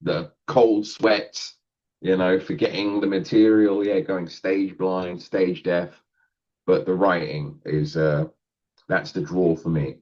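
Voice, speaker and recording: A man's voice: sits low, fairly even intonation, slow pace, darkish tone, muffled recording. A male comedian talking casually in a podcast interview, rambling and self-deprecating, laughing often. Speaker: guest comedian.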